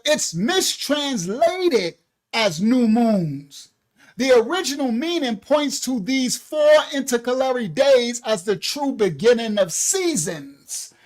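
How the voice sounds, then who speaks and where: A Bible teacher livestreams a scripture lesson into his own desk microphone, his very high-pitched voice fervent as he calls out exclamations and breaks into laughter.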